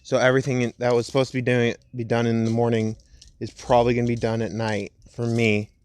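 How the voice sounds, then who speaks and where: A young man at home casually narrating a fan story, rambling and laid-back, slowing down for the dramatic parts. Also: medium pitch, little pitch movement, a little mellow, clean tone.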